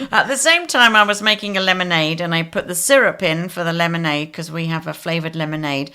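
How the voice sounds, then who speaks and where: A woman's voice: fairly low pitch, lively intonation, moderate pace, bright, forceful tone. A woman co-hosting a podcast, telling work stories in casual chat and laughing often. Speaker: podcast co-host.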